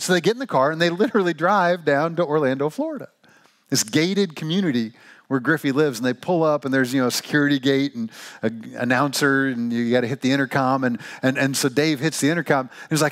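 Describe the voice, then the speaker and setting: A man from Missouri preaching a sermon, telling a joke story with an animated, playful manner. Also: on the high side, quick pace. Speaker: pastor.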